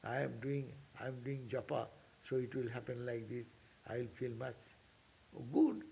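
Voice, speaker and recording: A man's voice: medium pitch, normal speed, gravelly, mellow, a little hiss or hum. A man, a monk, giving an informal scripture class in an earnest, exhorting way that repeats key points. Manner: earnest, repetitive, exhorting, with sudden upward bursts. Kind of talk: informal spiritual class lecture.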